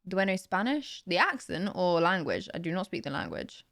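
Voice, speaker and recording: A woman's voice: fairly low pitch, sing-song, fairly quick, fairly bright tone. A young woman with a Southern English accent, chatting casually on a live stream and answering questions from chat on a desk mic at home. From south of England. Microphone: desk mic with noise gate.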